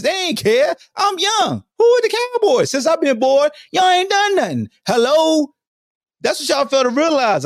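Animated, high-voiced sports podcast host man. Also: dry recording, studio quality. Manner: profane, preachy, addresses chat by name. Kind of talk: animated sports talk rant.

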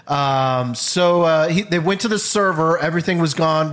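A man's voice: fairly high pitch, moderate pace. A man co-hosting a casual podcast chat, talking in loose starts and restarts. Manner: animated, trails off and restarts a lot. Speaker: podcast co-host.

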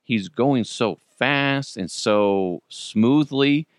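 A podcast host with a smooth, medium-pitched voice draws out his words as he tells stories casually and profanely, laughing often. The sound is studio quality with no echo.

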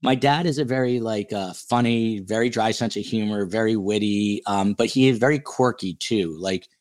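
A man with a New Jersey accent hosts a casual podcast livestream. His voice sits low, and he talks in an animated, playfully boastful way, teasing his co-hosts and the chat. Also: normal speed. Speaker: podcast host.

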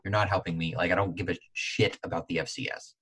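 A man hosting a sports podcast, talking in an animated, exasperated casual chat. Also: slightly rough. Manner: animated, exasperated, quick to jump in pitch. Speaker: podcast host.

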